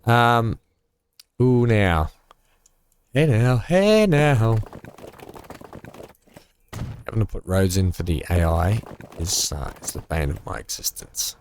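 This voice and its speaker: A man with a fairly low voice talks his way through a building game from home. He rambles, cracks small jokes and thinks out loud at an easy, casual pace. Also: a little slow, noisy background. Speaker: gaming channel host. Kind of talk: casual let's-play commentary.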